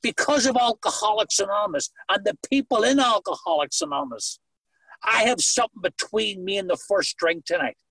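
Northern Irish man, high husky voice. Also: brisk, fairly bright tone, no echo, poor audio. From Northern Ireland. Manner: earnest storytelling with dry humor. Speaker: recovery meeting speaker. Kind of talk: personal testimony on a video call. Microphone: video call.

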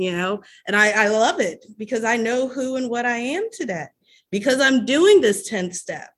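Woman, candid personal share, animated storytelling, mid-pitched voice. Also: moderate pace. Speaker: recovery meeting speaker. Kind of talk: sharing personal story at a meeting.

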